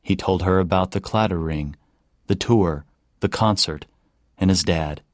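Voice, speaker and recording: A man narrating an audiobook in a calm, measured manner. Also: low-pitched, dry recording. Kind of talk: scripted narration.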